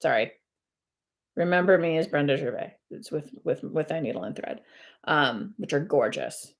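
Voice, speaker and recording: A woman's voice: low-pitched, lively intonation, normal speed, vocal fry. A woman chatting casually at home on a live stream while she stitches, rambling with many fillers and self-corrections. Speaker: host of a cross-stitch video channel.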